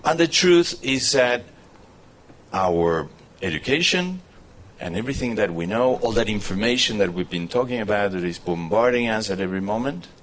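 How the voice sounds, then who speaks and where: A man's voice: fairly low pitch, a little hiss or hum. Spanish-accented man giving a lecture. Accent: Argentine Spanish. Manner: restarts and filler-heavy, animated storytelling. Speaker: university lecturer. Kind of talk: live public lecture.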